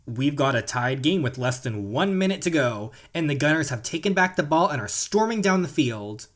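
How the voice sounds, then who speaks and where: A man doing a brisk male sports commentator in a story game. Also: a little high, sing-song, fairly bright tone. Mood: excited. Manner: brisk play-by-play calling.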